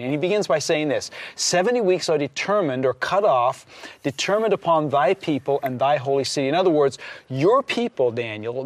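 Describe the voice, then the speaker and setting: A man earnestly explaining scripture passages to a small group in an emphatic, expository way. His voice sits a little high. The recording is dry. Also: no room sound. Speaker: Bible teacher. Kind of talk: Bible study discussion.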